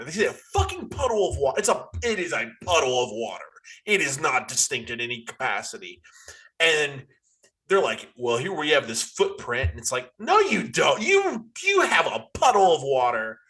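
A man's voice: mid-range voice, bright, forceful tone. A man in casual podcast chat, retelling a movie with exasperated swearing. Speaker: podcast co-host.

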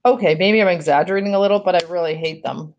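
A woman teacher reads a novel aloud to her class and pauses to explain what is happening. Her voice sits on the lower side, and her delivery is steady and clear. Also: muffled recording.

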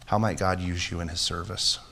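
A man's voice: deep voice, flat delivery, brisk, creaky, sharp tone. A man preaching a sermon as pastor, earnest and emphatic, with repeated phrases and a closing prayer that builds in intensity. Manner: prays with rising intensity.

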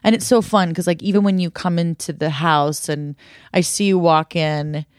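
A woman's voice: lowish voice, steady tone, normal speed, darkish tone, no room sound, studio quality. A woman co-hosting a podcast in casual chat, telling stories and laughing often. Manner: chatty, storytelling, laughs often. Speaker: podcast co-host.

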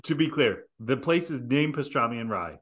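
A podcast co-host in casual chat, dry and teasing. The voice sits in a middle pitch, and laughs come often between the jokes. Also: animated, normal speed.

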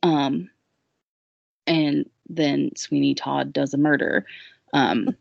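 A woman's voice: low-pitched, steady tone, takes it slowly, gravelly, no room sound. A woman recapping a story in a casual podcast chat, rambling and jokey with lots of fillers, in a dull lo-fi recording. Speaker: guest recapping a musical.

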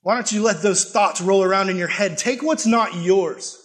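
A man's voice: very high-pitched, expressive, a little fast, fairly bright tone, in a large hall, pitched above the performer's own voice, full character voice. A man voicing a scheming male devil in a sermon, with a coaxing, persuasive manner. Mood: whispering.

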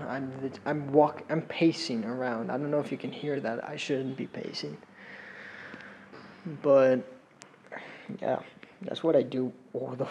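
Slow, gravelly rambling podcast man. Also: medium pitch, darkish tone, slight background noise, low-quality recording. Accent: slight Latin American. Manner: rambling, laughing, swearing. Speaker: podcast host. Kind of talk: rambling solo podcast monologue. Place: indoors, pacing around a room.

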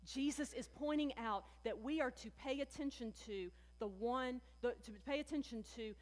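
A woman pastor preaches with a high, bright-pitched voice, talking to her congregation as friends and leaning hard on key words. Her voice rings out with a long echo, as if it fills a large sanctuary. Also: normal speed. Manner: conversational, addresses listeners as friends, animated emphasis. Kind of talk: sermon. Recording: long hall reverb.

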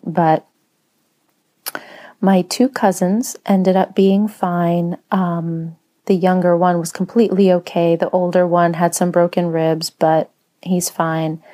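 A woman speaks in a slow, unhurried personal monologue, pausing often between thoughts. Her voice is somewhat low and warm, with a mellow tone. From Spanish-speaking home. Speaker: writer and writing teacher.

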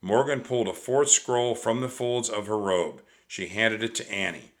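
A man narrating a children's book aloud in a slow, measured, expressive way. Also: on the low side.

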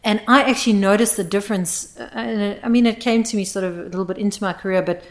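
A woman who works as a sound engineer, talking in a casual podcast chat, emphatic and animated, often laughing. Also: medium pitch, fast talker.

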